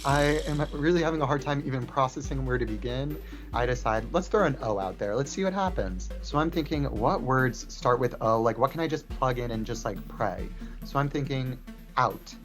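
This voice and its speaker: A man's voice: medium pitch, normal speed, fairly bright tone. A man gives a reality show confessional. He vents about a puzzle, swearing and mocking himself. Faint music plays underneath. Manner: frustrated, swearing, self-mocking. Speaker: reality competition contestant. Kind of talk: confessional interview.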